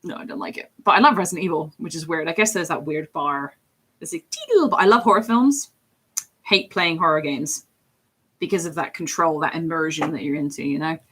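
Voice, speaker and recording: A woman's voice: low voice, animated, fairly quick, a bit bright, husky. A woman who streams and does voice acting, chatting casually and rambling as she talks. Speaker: streamer and voice actor. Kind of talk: casual chat while drawing on stream.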